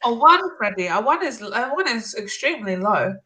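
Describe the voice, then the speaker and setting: A woman's voice: a little high, sing-song, moderate pace, pushed and bright, rough recording. A woman chatting and teasing her friends in a casual group conversation.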